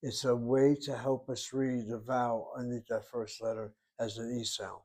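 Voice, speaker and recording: A man's voice: mid-range voice, level tone, moderate pace, a little mellow. A man teaching a Hebrew grammar lesson, methodical and repetitive, explaining each rule step by step. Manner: methodical, repeats key terms, explains step by step.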